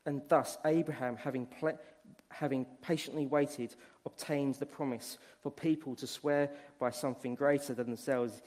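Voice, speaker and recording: Earnest and storytelling, a male preacher often restarts his phrases as he retells stories during his sermon. He speaks at a normal speed with a steady, medium-pitched, darkish voice, trailed by long reverb.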